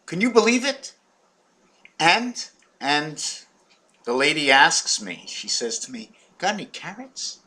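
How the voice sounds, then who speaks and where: Lively bright-voiced man rambling comically. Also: a little high, slow, pauses often. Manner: rambling, jumps between topics with wordplay; repeats words and restarts.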